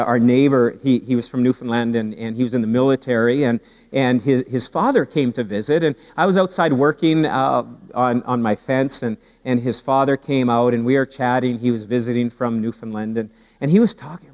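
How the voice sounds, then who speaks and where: A pastor preaching a sermon with humor and animated storytelling, often repeating his words as he goes. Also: medium pitch, fairly quick, in a large hall, rough recording. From Canada.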